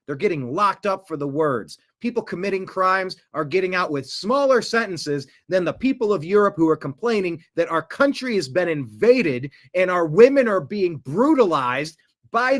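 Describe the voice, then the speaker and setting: A man's voice: high-pitched, big pitch swings, moderate pace, a bit bright. A man delivering political commentary, emphatic and indignant.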